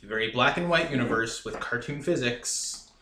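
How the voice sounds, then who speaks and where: Bright-voiced player in an echoey room. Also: male voice, mid-range voice, normal speed. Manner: relaxed, with filler "you know". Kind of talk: casual podcast chat. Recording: echoey room with faint noise.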